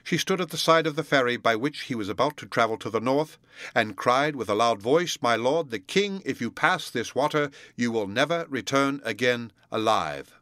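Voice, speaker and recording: A man narrating speaks for a grave, reserved young woman teacher in a low, clear, restrained voice. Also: expressive, moderate pace, bright, forceful tone, dry recording, studio quality. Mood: reading aloud.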